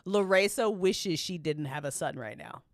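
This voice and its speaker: Animated woman reacting with laughter. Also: deep voice, normal speed, dry recording, studio quality. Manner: reads events aloud, laughing and swearing often. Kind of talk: casual livestream commentary.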